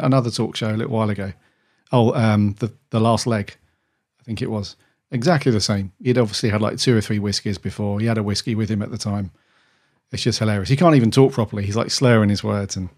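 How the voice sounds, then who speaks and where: Casual male podcast co-host, lowish voice, loose rambling delivery. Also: a little mellow. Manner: rambling, with many restarts and "dude". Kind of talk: casual chat.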